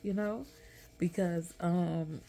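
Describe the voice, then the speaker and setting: A woman's voice: on the low side, fairly even intonation, takes it slowly, vocal fry, warm tone. A middle-aged woman, telling a personal story candidly and with emotion, talking straight to her viewers. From Texas. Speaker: vlogger. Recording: light background noise.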